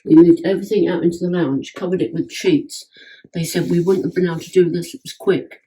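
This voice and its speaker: In a rough recording with a bit of hiss or hum, a woman with a lowish, steady, mellow voice talks briskly. She's at home giving a casual, enthusiastic testimonial about her house renovations, restarting sentences as she goes.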